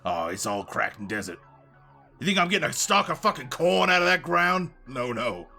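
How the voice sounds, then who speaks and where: A man playing a boastful Earth-born runner in a rough put-on British accent, with a gravelly growl. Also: a little high, very animated, moderate pace, pushed and bright, faint music behind, full character voice. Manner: swaggering, calls people mate.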